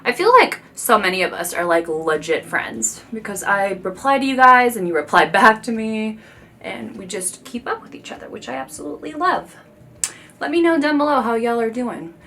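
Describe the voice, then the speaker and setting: A woman's voice: on the high side, lively intonation, normal speed, bright, forceful tone. A woman in her thirties chatting to viewers while doing her makeup at home, gushing and confiding. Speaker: beauty vlogger. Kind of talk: chatty get-ready-with-me talk.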